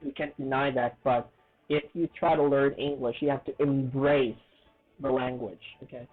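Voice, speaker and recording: Male English teacher, husky tone, earnest casual lesson, tinny phone-like sound. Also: medium pitch, steady tone, faint music behind. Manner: earnest, checks in often with "okay?" and "right?"; stresses words slowly and deliberately.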